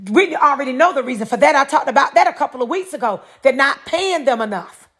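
A fast-talking, animated middle-aged woman from North Carolina, USA, hosts her own podcast in a high-pitched, slightly bright voice. Her monologue is preachy, full of rhetorical questions that she answers herself again and again.

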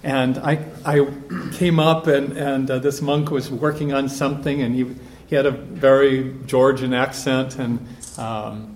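A man, a priest, giving a relaxed conversational talk to a group at a retreat, telling stories and thinking aloud. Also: mid-range voice, measured pace. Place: meeting room with a group. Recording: echoey room, faint background hum.

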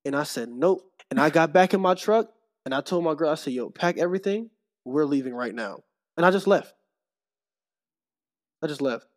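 A young man telling a story in casual chat, acting out the people in it with lively quoted voices. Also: fairly high pitch, normal speed, long pauses. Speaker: podcast guest, streamer.

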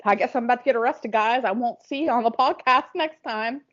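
Chatty woman podcaster, slightly high voice. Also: fairly quick, a bit bright, muffled recording. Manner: chatty, laughs often. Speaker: podcast co-host. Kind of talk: casual chat.

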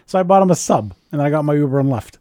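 Racing through his stories, this co-host jokes, swears, and laughs in a lively casual chat. His voice is a little high, and the studio sound is clean and dry.

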